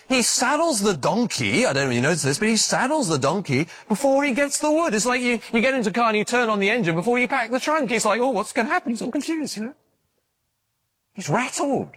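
A man preaching a sermon in a fairly high voice that swings widely up and down. He tells stories with animated energy, often stumbling over words and restarting mid-sentence. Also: breathy edge. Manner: animated storytelling with stammered restarts.

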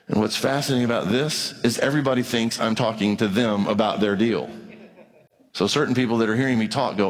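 Preaching man in a reverberant hall. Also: fast. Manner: conversational preaching with acted dialogue and wide pitch swings. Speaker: pastor. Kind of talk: sermon.

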